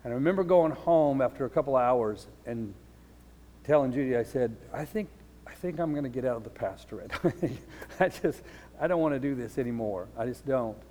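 A middle-aged man preaching a sermon as a pastor, telling a story earnestly and dropping low and soft at the sad moments. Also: animated, normal speed, big-room sound.

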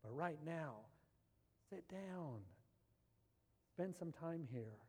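A man voicing a tender, patient male teacher, speaking softly and gently. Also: fairly high pitch, animated, extremely slow, long reverb tail, exaggerated voice. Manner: soft, gentle, hushed.

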